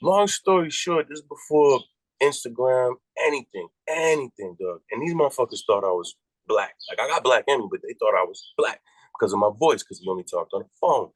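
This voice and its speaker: A man from Massachusetts, a rapper guest, telling a story in casual, profane talk and jumping high in pitch when he quotes his own reactions. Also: animated, fairly quick, no room sound, low-quality recording.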